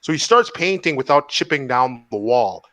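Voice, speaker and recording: A man in casual podcast chat telling stories in an animated way, swearing and laughing. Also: medium pitch, normal speed, dry recording.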